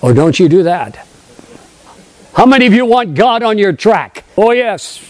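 An older man preaching a sermon, emphatic, repeating phrases and calling for responses from the congregation, dropping into low hushed asides. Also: big pitch swings, normal speed, rough recording. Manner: emphatic, swings between loud high declarations and low hushed asides.

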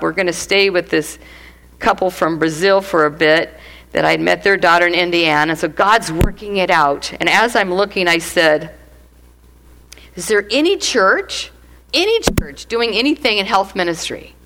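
A middle-aged woman giving a lively church testimony, laughing often and acting out the voices of people in her story. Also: fairly low pitch, moderate pace, rough recording. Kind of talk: testimony sermon.

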